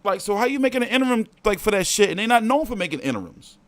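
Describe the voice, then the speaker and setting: A man's voice: big pitch swings, very fast, a bit bright, no room sound. Heated, profane male boxing ranter. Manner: profane, heated ranting with swings in pitch and volume. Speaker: boxing show host. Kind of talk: livestream rant.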